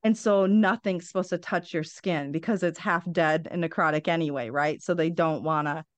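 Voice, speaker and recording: A woman's voice: low-pitched, steady tone, normal speed, no echo. A woman in her forties, a podcast guest, telling a candid personal story bluntly, with wry humor and frequent swearing.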